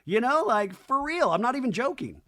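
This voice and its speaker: A man's voice: very high-pitched, sing-song, moderate pace, bright, forceful tone. A man hosting a comedy podcast, recapping a reality show in a campy, sarcastic way and acting out the cast's lines. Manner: campy, sarcastic, voices cast members in quotes. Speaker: podcast host.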